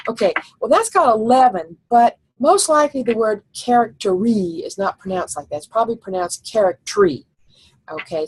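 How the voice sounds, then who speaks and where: A woman's voice: deep voice, husky, dry recording, poor audio. A woman teacher giving a recorded slide lecture, explaining step by step and thinking aloud with fillers.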